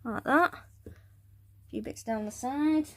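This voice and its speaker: A woman's voice: high voice, takes it slowly, fairly bright tone. Chatty woman crafting and muttering. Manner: chatty, rambling, drops to muttering and whispers while working. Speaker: hobbyist building a tarantula enclosure. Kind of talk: casual crafting vlog narration.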